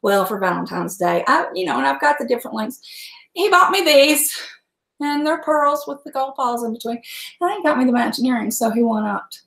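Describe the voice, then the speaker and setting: A woman's voice: sits high, animated, brisk, vocal fry, a bit bright. A middle-aged woman, chatting salty and laughing often while she hosts a cooking livestream. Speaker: host. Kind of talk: casual livestream chat. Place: home kitchen. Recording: echoey room.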